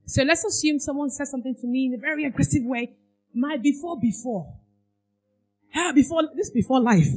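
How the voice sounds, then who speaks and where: A woman's voice: high voice, expressive, moderate pace, long pauses, darkish tone, soft background music. A woman giving a parenting workshop talk in a conference hall, asking the audience questions for them to finish aloud. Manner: quizzes audience with fill-in questions. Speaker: workshop speaker.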